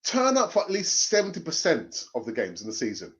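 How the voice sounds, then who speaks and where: A middle-aged man, hosting a fan live stream, animated and jokey, laughing often and repeating phrases. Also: a little high, brisk. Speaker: fan channel host reading live chat. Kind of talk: casual live-stream chat. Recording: dull lo-fi sound.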